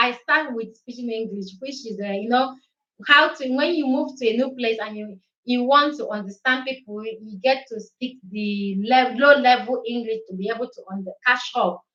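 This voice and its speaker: This is a Nigerian woman, an Igbo speaker, hosting a casual live chat from home. Her voice sits a little high, and she drifts between English, Pidgin and a bit of Italian as she talks. The sound is roomy and slightly dull, like a live stream. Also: fairly bright tone.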